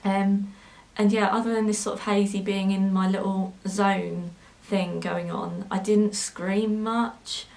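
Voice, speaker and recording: A young woman tells her own story straight to camera for her vlog. She speaks at an ordinary middle pitch, pausing often with soft ums as she gathers her thoughts. Her delivery is hesitant and personal, now and then tinged with emotion. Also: level tone, gravelly, poor audio. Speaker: sewing vlogger.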